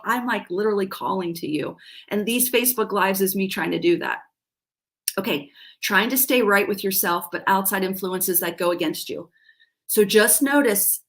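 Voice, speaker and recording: A woman in middle age speaks in an earnest, self-deprecating way on a live coaching stream, breaking off and restarting her sentences as she goes. Her voice sits slightly high for a woman. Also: fairly bright tone. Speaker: life coach.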